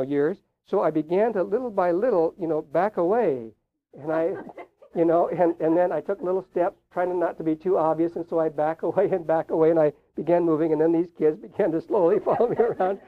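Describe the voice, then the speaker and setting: An older man delivers a sermon with a personal story, folksy and chuckling now and then. His voice sits a little high for a man. The sound is thin and tinny, like a phone line. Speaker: preacher.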